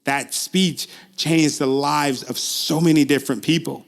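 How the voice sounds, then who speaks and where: A man working as a public speaking coach, giving a casual, earnest pitch straight to the viewer, with frequent ums, restarts and repeated phrases, his pace speeding up and slowing down. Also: fairly even intonation, vocal fry. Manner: uneven pace, speeds up and slows down. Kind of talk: casual direct-to-camera pitch.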